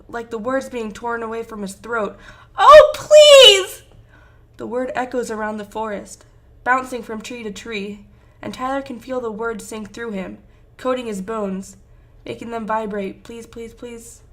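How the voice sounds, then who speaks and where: A woman's voice: on the high side, fairly even intonation, normal speed. A woman reading a fan fiction story aloud with intense, emotive narration. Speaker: fanfiction reader.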